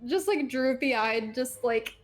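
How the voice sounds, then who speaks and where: High, lively woman player, slow and rambling. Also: soft background music. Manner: rambling with fillers. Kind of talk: casual play.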